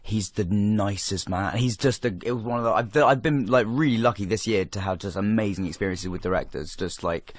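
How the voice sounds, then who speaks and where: A man's voice: on the low side, dry recording. A young English man, an actor, talking casually on a podcast, full of fillers and restarts. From England. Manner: animated, quick with many fillers and restarts. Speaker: actor guest.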